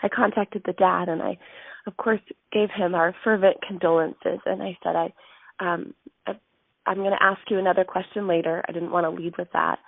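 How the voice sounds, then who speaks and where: Woman in her thirties, motivational storyteller, heartfelt and emotional, gravelly voice, dry tinny phone sound. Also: mid-range voice, no room sound. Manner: heartfelt, emotional, many ums. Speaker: sales team leader giving a weekly message.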